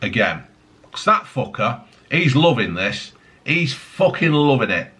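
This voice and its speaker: A man's voice: medium pitch, big pitch swings, unhurried, sharp tone. A man ranting angrily on his vlog, swearing heavily, mocking people and piling on tag questions. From United Kingdom. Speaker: vlogger. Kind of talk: angry political rant.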